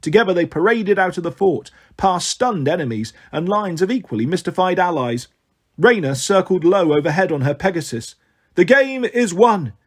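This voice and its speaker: A man narrating an adventure novel in a measured, expressive reading voice. His voice sits a little high for a man. He paces the action steadily. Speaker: audiobook narrator. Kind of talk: storytelling narration.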